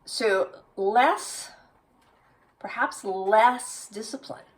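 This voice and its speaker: Woman tarot reader, slow and lowish, thinks out loud, slightly off-mic. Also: far from the mic, low-quality recording. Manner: slow, musing, with many "right?" tags. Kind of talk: tarot reading.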